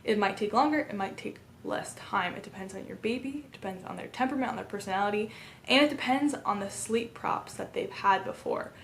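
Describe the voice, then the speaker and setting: A woman in her thirties calmly explaining a baby sleep method, earnest and step by step. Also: mid-range voice, a little fast, vocal fry, a little hiss or hum. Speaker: parenting educator. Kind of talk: instructional talk to camera.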